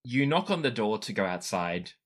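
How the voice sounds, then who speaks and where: A man running a tabletop game as game master, narrating scenes and jumping into character voices. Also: normal speed. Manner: lively, animated narration that jumps up in pitch for characters.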